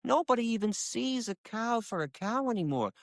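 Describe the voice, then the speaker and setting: A man's voice: animated, moderate pace, creaky, no echo, clean studio sound. A man, an animal rights activist, speaking passionately in an interview and telling stories in an emphatic way. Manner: emphatic, acts out quoted dialogue with sharp jumps in pitch. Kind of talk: impassioned conversational storytelling. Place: lives in Michigan.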